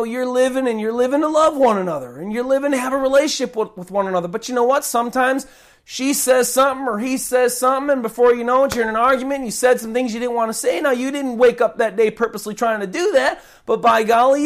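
A man with a very high voice preaches an impassioned, conversational sermon sprinkled with folksy asides, sometimes acting out prayers and other people's voices.

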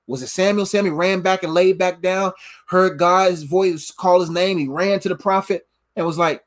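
A tired preacher delivering an informal sermon in an animated, slang-filled way, often laughing. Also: mid-range voice, normal speed.

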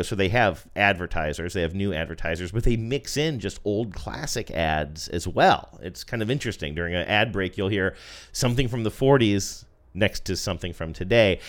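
A man hosting a casual podcast, joking around and quizzing his co-host. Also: fairly low pitch. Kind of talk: casual chat.

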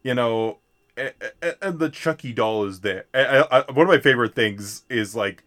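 A man co-hosting a podcast in casual chat about horror films, animated, tossing in jokey asides and stumbling over words. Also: mid-range voice, normal speed. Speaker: podcast co-host.

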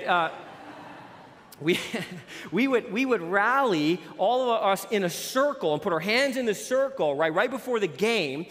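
A man in his forties preaching a sermon as pastor, animated and joking, telling stories and sports analogies. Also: sits high. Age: 40s. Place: church sanctuary. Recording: long reverb of a large hall.

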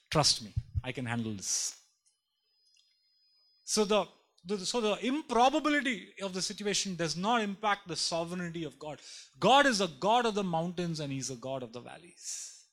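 Emphatic male preacher, slightly high voice. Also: fairly bright tone. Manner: emphatic preaching with repetition and rising intensity. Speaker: pastor. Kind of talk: sermon.

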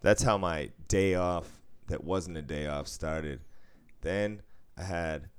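A man's voice: sits low, slow pace, clean tone. A man, a radio co-host, telling loose stories with swearing and laughs. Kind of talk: casual chat.

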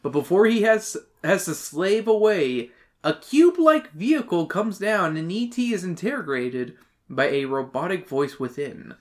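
A man's voice: sits high, expressive, normal speed. A man co-hosting a casual book-review podcast, reading chapter summaries with crude jokes and frequent swearing. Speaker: podcast co-host.

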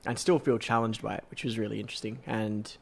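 Gravelly man chatting about games. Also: on the low side, steady tone, fast talker, slight background noise. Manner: hesitant, many ums and restarts. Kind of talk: casual gaming chat.

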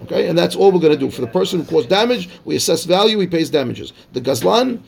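High-ish gravelly guy rattling through a talmud class, keeps asking "okay?". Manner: quick, animated explaining with rhetorical checks. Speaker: rabbi teaching Talmud. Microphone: class microphone.

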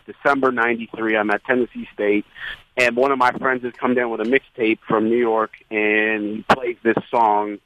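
Male guest, bright forceful voice, tumbling excited storytelling, dry close mic. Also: medium pitch, no room sound, low-quality recording. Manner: excited, rambling with restarts. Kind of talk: casual storytelling chat.

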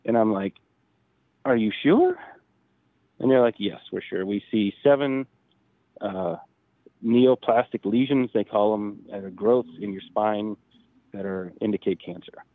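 A man's voice: fairly low pitch, unhurried, dry recording. Man telling a story over a tinny phone line. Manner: animated retelling, acting out quoted dialogue. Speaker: podcast guest, drag racer. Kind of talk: casual storytelling.

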